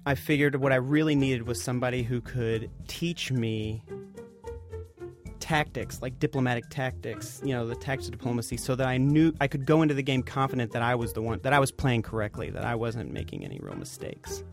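A man telling a personal story as a radio guest, hesitant and full of fillers, getting animated as he retells it. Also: medium pitch, brisk, creaky, faint music behind. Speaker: guest reporter. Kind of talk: casual storytelling.

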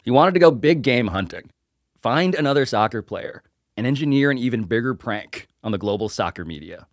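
A man's voice: mid-range voice, animated, fairly quick, dry recording, clean studio sound. A man reporter reading a scripted story in a wry, playful way. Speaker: reporter narrating. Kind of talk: scripted narration.

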